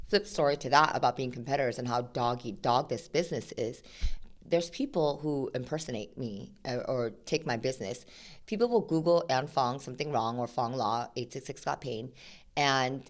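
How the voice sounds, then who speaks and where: A woman from Sacramento, a guest on a podcast, tells animated stories and acts out both sides of conversations, with plenty of "like" and "you know". Her voice sits low for a woman, and she talks casually. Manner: animated storyteller, acts out quoted exchanges, many fillers. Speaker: attorney guest. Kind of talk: casual interview chat.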